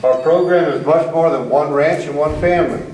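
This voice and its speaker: A man's voice: fairly high pitch, moderate pace, a little mellow. A middle-aged American man giving a folksy, self-deprecating talk to an audience as a rancher. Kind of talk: public presentation to an audience. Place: meeting hall with an audience. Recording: roomy, distant hall recording with faint noise.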